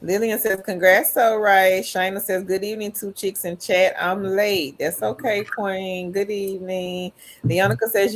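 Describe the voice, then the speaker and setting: A woman's voice: mid-range voice, slight background noise. A woman hosting a livestream, reading viewers' chat comments aloud in an upbeat, friendly way. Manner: upbeat, calls viewers queen. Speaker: livestream host.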